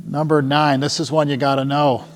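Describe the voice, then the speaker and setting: A man's voice: on the high side, little pitch movement, moderate pace. A middle-aged man, a tour company presenter, gives a casual, jokey talk to a small live audience and keeps asking the crowd "right?". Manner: jokey and chatty, often asks the crowd "right?". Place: meeting room with a small audience. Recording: long hall reverb with faint hum.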